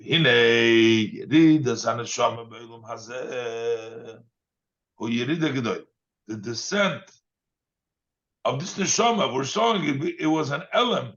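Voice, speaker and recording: A rabbi teaching a text at an unhurried pace, reading Hebrew phrases and then explaining each one in plain English. His voice sits in a middle pitch, and the recording sounds somewhat dull and lo-fi. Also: a bit bright. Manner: reads Hebrew lines then translates, with fillers. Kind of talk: text study lesson.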